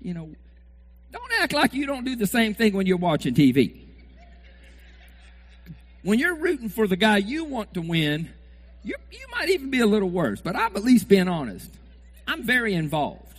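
Man preaching, high voice, big swoops, acts out cheering fans. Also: normal speed, long pauses, slightly rough. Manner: animated, acts out fans shouting at the TV. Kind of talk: sermon.

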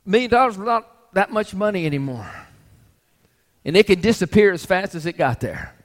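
A man's voice: fairly high pitch, a bit bright, in a large hall. A male pastor preaching a sermon, pressing the congregation with rhetorical questions.

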